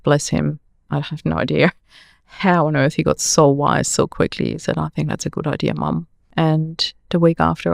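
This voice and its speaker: A woman's voice: low voice, creaky, a little mellow, dry recording, studio quality. A woman in her forties, a podcast guest earnestly recounting a personal story with many "you know"s.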